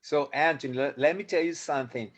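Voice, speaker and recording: A man whose first language is Spanish, explaining a point with quick restarts in a casual online discussion. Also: on the high side, lo-fi sound. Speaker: webinar participant. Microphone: video call.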